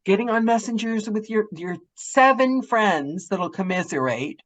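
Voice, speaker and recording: A woman's voice: medium pitch, animated, measured pace. A woman hosting a casual video-call chat, talking emphatically and acting out her own panicked thoughts. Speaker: host.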